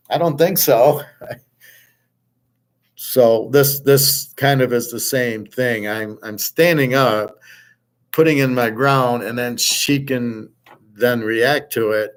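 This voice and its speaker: A man's voice: medium pitch, slow pace. Middle-aged man with a mid-range voice, blunt and profane, casual storytelling monologue that keeps restarting. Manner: blunt and profane, restarts often, quotes himself heatedly. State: aching back, jet-lagged. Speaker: host.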